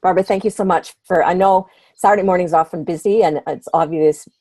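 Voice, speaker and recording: Very low-voiced woman hosting a call. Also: steady tone, a little fast, warm tone, dry recording. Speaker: host of the call. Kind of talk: hosting an online group call.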